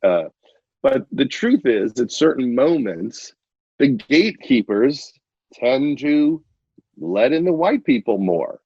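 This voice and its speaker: A man's voice: medium pitch, very animated, slow, dark tone, slightly rough, no echo, lo-fi sound. A man guesting on a podcast, speaking in an earnest, reflective way. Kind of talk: casual conversation.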